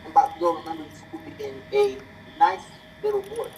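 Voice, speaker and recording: Lively co-storyteller, voice swooping wildly up and down, keeps asking "right?", faint noise behind. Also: moderate pace, vocal fry, low-quality recording. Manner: animated, pitch jumping high when voicing characters, frequent "right?". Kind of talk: casual improvised storytelling.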